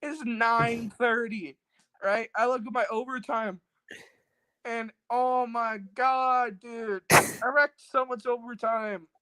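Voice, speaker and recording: A man with a very high, bright, forceful voice speaks slowly in a flat delivery; the tone is clean with no echo, though the recording quality is low. He's a talk show guest telling a rambling, profane story packed with fillers, acting out what other people said in casual storytelling fashion.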